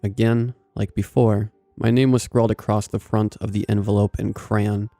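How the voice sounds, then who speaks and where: A man narrating a scripted first-person story in a measured, even way. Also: fairly low pitch, creaky, dry recording, faint music behind.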